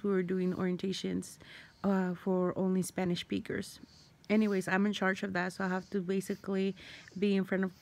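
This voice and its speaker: A woman's voice: mid-range voice, darkish tone. A young woman casually telling a personal story to camera, rambling with lots of fillers and the odd swear word. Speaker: vlogger.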